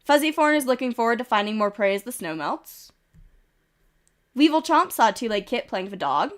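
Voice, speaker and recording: A woman's voice: fairly high pitch, animated, normal speed. A woman streaming a game, reading out events with chatty asides and giggles while congested and coughing. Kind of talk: casual live-stream commentary. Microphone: desk microphone.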